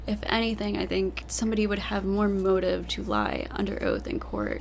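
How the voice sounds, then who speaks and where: A woman host talks casually and reads quoted lines aloud in a chatty way. Her voice has a gravelly, fried edge, and a faint hum sits behind her. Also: medium pitch. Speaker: commentary host. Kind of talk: casual commentary and reading quotes.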